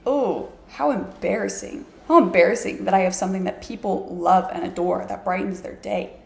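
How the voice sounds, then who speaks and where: A woman vlogging from her apartment, telling a story in a chatty, self-mocking way with lots of "like". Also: medium pitch. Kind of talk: casual storytelling to camera. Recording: echoey room.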